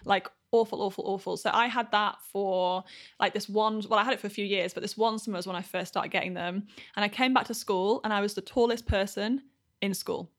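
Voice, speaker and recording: A woman's voice: medium pitch, fairly even intonation, brisk. A young woman, a podcast guest talking about herself in an upbeat, self-effacing way. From Yorkshire, north of England. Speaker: guest, blogger. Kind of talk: casual interview chat.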